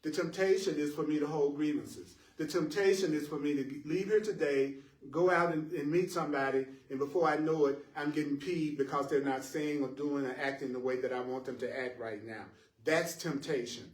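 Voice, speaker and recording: A man teaching a live spiritual class to listeners in the room, animated and playful, laughing at his own jokes and repeating phrases for emphasis. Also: fairly high pitch, normal speed. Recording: roomy echo, voice picked up from a distance.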